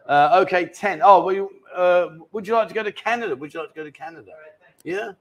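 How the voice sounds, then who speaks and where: Male live-stream host, chatty joker, slightly higher voice, bar setting. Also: fast, dull audio. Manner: chatty and jokey, reads out viewer questions. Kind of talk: casual live-stream chat. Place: indoor bar.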